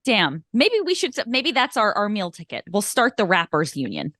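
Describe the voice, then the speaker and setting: A woman co-hosting a casual podcast, rambling and laughing as she talks. Her pitch swings widely from phrase to phrase. The sound is dry and close, with no room echo. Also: big pitch swings, normal speed, a bit bright. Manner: chatty, rambling, laughs often. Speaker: podcast co-host. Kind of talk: casual chat.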